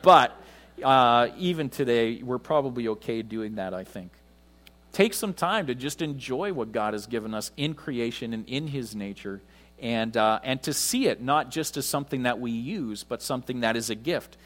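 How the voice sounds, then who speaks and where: A man preaching a conversational sermon in church, with frequent pauses. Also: medium pitch, lively intonation, a bit bright. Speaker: pastor.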